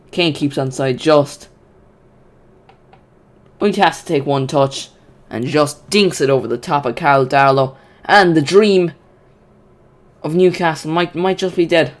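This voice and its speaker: A man hosts a live football watch-along with a slightly high, lively voice. He gets excitable and chatty and often restarts his sentences as he reacts to the match.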